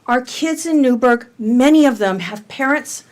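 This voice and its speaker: A woman's voice: high-pitched, moderate pace, darkish tone. A middle-aged woman giving an earnest, firm public comment at a board meeting. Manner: earnest, firm, reads a passage aloud.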